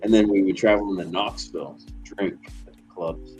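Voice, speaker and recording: A man's voice: low-pitched, steady tone, brisk, dark tone, faint music behind, poor audio. A middle-aged man from Tennessee, chatting casually and telling rambling, profane stories while out delivering. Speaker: delivery driver streamer. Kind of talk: casual chat while driving.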